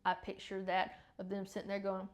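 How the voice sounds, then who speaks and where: A woman hosts a faith podcast, chatting casually and reading from the Bible. Her mid-range voice is monotone and fairly quick, and she sounds a bit congested as she rambles and corrects herself.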